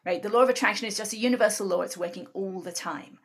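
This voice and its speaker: Woman interview guest, earnest explainer, mid-pitched, checks in with "right?". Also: fast. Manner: earnest, often adds "right?". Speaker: guest speaker on emotional tapping.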